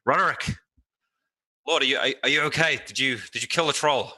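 Dude doing a nervous teen squire, shouty-ish and stammery, bright sharp tone. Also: male voice, medium pitch, brisk, voice pushed up. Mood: anxious. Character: young male squire, eager and anxious.

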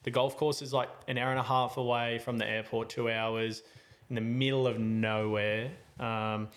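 A man hosting a podcast, telling a story in a casual, animated way and acting out his own lines. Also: mid-range voice, moderate pace. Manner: animated, acts out his own quotes loudly. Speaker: podcast host.

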